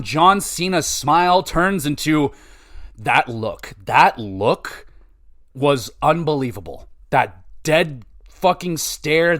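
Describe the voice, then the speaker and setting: A male podcast host with a fairly high voice, swinging widely in pitch as he recounts what he saw. He talks casually, swears a lot and gets excited easily, then drops back to musing. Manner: excitable, profane, animated storytelling. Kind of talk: casual chat.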